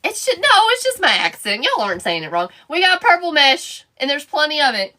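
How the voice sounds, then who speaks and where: Woman host, high bright voice, chatty live-stream crafter reading comments aloud. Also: big pitch swings, fairly quick. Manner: chatty, answers viewer comments by name as she works. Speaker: wreath and decor crafter hosting a live stream. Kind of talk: casual live-stream chat while crafting.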